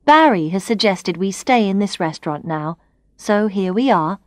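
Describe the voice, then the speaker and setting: Woman narrator, storybook reading, lively pitch, dry close sound. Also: normal speed, no echo. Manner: expressive, clear, first-person reading. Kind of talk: scripted narration of a learners' story.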